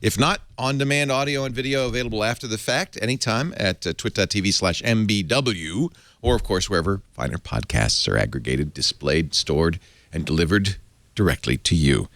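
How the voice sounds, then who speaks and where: A man's voice: fairly low pitch, fairly bright tone, no echo. A man hosting a casual tech podcast from a studio, joking with his panel and plugging the show. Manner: jokey, quick asides and show plugs. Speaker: podcast host. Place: studio with audience.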